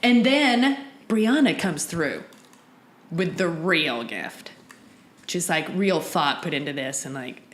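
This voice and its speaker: A young adult woman co-hosting a podcast, recapping a TV episode in an animated, profane way and laughing often. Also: deep voice, slow. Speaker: podcast co-host. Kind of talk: casual TV recap chat. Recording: echoey room.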